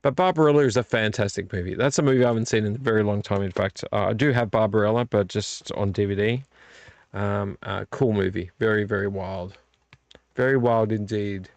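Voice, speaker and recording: Tired gravelly man rambling. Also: lowish voice, brisk, no room sound. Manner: relaxed, rambling, complains about covers. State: tired and yawning. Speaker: vlog host. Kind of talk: casual late-night chat. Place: home room.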